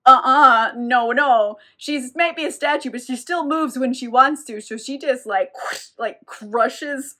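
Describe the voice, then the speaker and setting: A young woman with a slightly high voice recaps a novel for her channel. Her talk is loose, full of "like" and quick laughs, and she sounds irreverent and chatty. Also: fairly bright tone. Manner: irreverent, laughs often, lots of "like". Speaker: book reviewer. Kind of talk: casual book recap.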